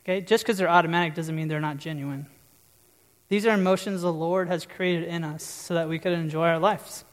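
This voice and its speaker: A preacher talks through a sermon in an easy, conversational way at a middling pitch. Questions to the listeners come up often. The voice rings out with a long reverb, as in a large church. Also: fairly even intonation, fairly quick. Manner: conversational, asks the audience questions.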